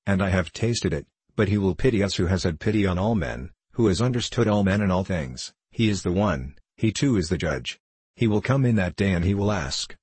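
Deep husky drunk old clerk type, begging and preaching in an audiobook, read by a man. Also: dry recording. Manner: pleading, rambling, rising to fervent declaiming. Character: drunken middle-aged male ex-clerk, self-pitying, fervent. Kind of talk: audiobook character reading.

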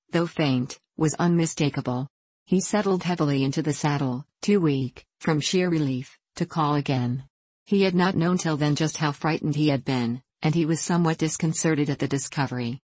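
Low-voiced woman narrating a story. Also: darkish tone, no room sound. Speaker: audiobook narrator. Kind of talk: scripted narration.

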